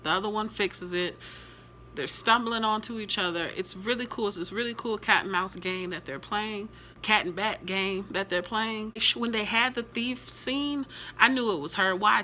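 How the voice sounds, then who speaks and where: A woman talking casually and with enthusiasm, reviewing a TV episode with chatty, animated asides. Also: mid-range voice, slight background noise.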